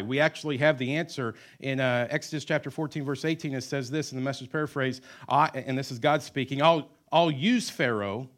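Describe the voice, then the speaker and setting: A man's voice: medium pitch, fairly quick, hardly any pauses, fairly bright tone. A middle-aged man preaching a sermon as pastor. He asks the congregation rhetorical questions and slips in joking asides about married life.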